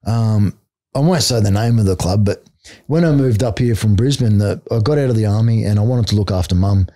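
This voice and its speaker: A middle-aged Australian man talks in a fairly low, mellow voice. He tells his stories bluntly and casually, swearing freely and scattering "mate" and "like" through his speech, like a guest on a chat podcast. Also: fairly quick, dry recording, clean studio sound. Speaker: podcast guest, martial arts coach.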